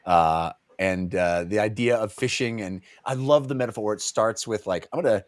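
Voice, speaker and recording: A man's voice: on the low side, normal speed, no echo. A man co-hosting a casual book-club podcast, acting out characters' lines in goofy voices as he recaps. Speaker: podcast co-host.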